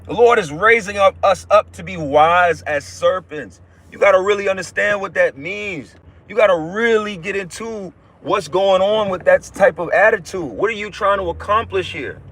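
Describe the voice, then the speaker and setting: This is a man running a casual preaching livestream from inside his car. His voice sits high for a man. He talks bluntly and swears freely, stumbling over the starts of his sentences as he lectures. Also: moderate pace, fairly bright tone. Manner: blunt, profane, repetitive restarts. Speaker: livestream host giving religious teaching.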